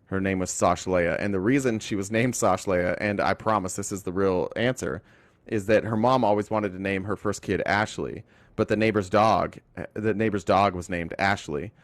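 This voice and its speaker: 低めの声で話すユタ出身の男性配信者. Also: male voice, low-pitched, moderate pace, no room sound. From Utah. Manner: rambling, talks to chat, self-correcting. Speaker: livestream host. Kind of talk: casual political livestream chat.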